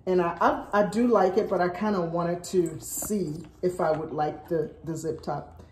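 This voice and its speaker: A woman's voice: lowish voice, fairly even intonation, measured pace, a little mellow, roomy sound, a little hiss or hum, rough recording. A woman filming an unboxing vlog at home, gushing with gasps and repeated exclamations of delight. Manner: gushing, gasping, breathless exclamations. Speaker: vlogger. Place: at home, indoors.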